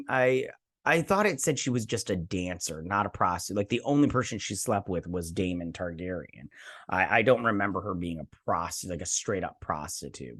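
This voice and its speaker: A man's voice: medium pitch, fairly bright tone. A man hosting a TV review show, recapping an episode in a rambling, enthusiastic way with lots of fillers and restarts.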